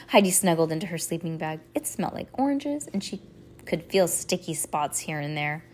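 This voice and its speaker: Woman reading a kids chapter book at home, lively, faint hum behind. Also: fairly low pitch. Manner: animated read-aloud with little sound effects. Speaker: reader.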